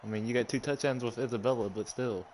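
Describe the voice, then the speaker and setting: A man's voice: medium pitch, fast talker, darkish tone. Trash-talking young man over a video game. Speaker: friend and opponent in the game. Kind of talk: casual gaming banter. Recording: game crowd noise behind.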